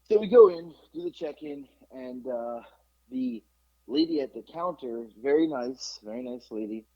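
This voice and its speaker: A middle-aged man hosting a podcast, telling a story in casual chat, animated and profane with lots of fillers. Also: mid-range voice, normal speed. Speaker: podcast host. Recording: dull lo-fi podcast recording.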